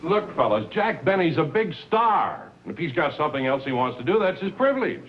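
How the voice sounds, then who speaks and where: A man's voice: a little high, sing-song, a little fast, a little hiss or hum. Male announcer type, hearty and friendly, 1950s radio comedy, slightly raised voice, muffled broadcast.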